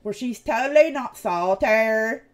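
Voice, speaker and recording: A woman with an East Tennessee Southern accent talks straight to her livestream chat in a blunt, profane rant. Her pitch swings widely up and down as she vents and jabs. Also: lively intonation, a little slow. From United States. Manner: blunt, profane, heated ranting. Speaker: channel host. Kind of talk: casual livestream commentary.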